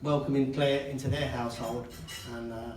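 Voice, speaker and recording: A man's voice: mid-range voice, level tone, moderate pace, a little mellow. An older man giving a father-of-the-bride speech, telling self-mocking jokes and laughing between lines. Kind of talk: wedding speech. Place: wedding reception hall, indoors. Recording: echoey hall, distant and noisy.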